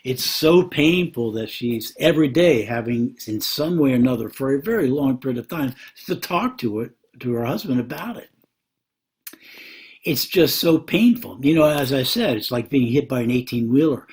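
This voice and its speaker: A man's voice: medium pitch, animated, darkish tone. Earnest man who keeps repeating words. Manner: slow, with many pauses and fillers. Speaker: Christian marriage counselor. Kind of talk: advice talk to camera.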